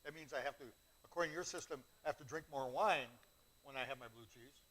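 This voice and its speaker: A man co-hosting a live wine tasting, making quick teasing asides. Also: medium pitch, sharp tone, poor audio. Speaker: co-host reading sponsor lines. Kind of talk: casual live-stream chat.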